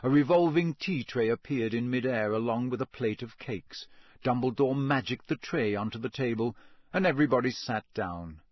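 A male storyteller with a husky, slightly breathy voice and lively, animated intonation, reading with plenty of expression. The sound is close and dry, with no room around it. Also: mid-range voice, moderate pace, no echo. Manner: expressive, many character voices. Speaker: audiobook narrator. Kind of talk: storybook narration.

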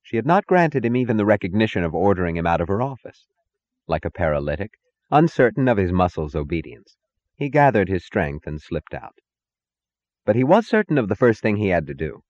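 A man narrating a novel in a measured, dramatic reading that gives each character its own voice. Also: on the low side, sing-song, a little mellow, no echo, dull audio. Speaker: audiobook narrator. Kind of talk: scripted narration.

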